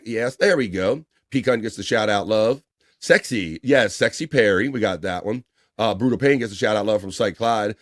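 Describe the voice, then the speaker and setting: A man hosting a relaxed livestream at a mid-range pitch, reading viewer comments aloud and laughing along. His voice sounds close and dry, with no room echo. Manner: reads chat shout-outs aloud, laughing often, swearing casually. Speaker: livestream host reading chat. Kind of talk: casual chat.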